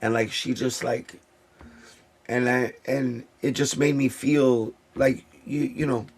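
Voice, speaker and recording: Emotional husky New man. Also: mid-range voice, fairly even intonation, slow pace. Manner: emotional, heartfelt, repeats himself. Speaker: sneaker vlogger host. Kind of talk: casual talk to camera.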